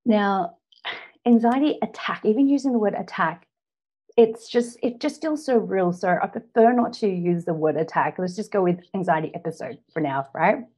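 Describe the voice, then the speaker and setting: An Australian woman in her thirties giving an earnest personal story speech, often pausing on "now" to set up the next part. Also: mid-range voice, lively intonation, a little mellow, husky. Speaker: public speaker.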